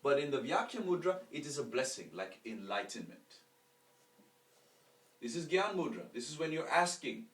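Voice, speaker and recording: A man teaching a spiritual lecture, explaining terms slowly and leading call-and-response recitation while asking rhetorical questions. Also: a little high, big pitch swings, a bit bright. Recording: echoey room, voice from a distance.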